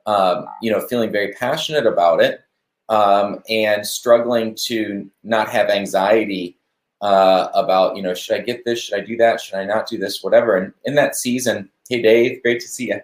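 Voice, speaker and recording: A man hosting a live stream, giving a relaxed devotional talk on a verse and chatting to viewers as they comment. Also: fairly low pitch, roomy sound. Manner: conversational, warm-hearted preaching with asides to viewers.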